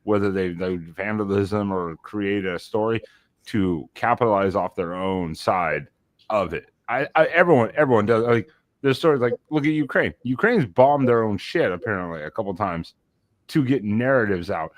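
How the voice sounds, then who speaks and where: Male podcast co-host, lowish voice, rambling and profane, dry close sound. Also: normal speed, dry recording. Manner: rambling, many restarts, swears freely. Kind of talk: casual chat.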